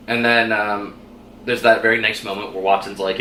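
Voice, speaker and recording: A man hosting a casual review vlog, retelling scenes with quick animated chatter and acted-out quotes. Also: lowish voice. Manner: fast, animated retelling with quoted lines and laughs. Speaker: vlog host reviewing a TV episode. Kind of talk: casual chat. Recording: echoey room with faint noise.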